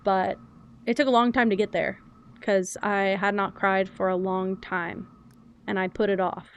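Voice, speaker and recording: A woman's voice: medium pitch, measured pace, muffled recording, slight background noise. A young adult woman streamer chatting casually and openly while she plays a game. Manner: chatty, animated, self-described loud and yappy. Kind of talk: casual chat while gaming.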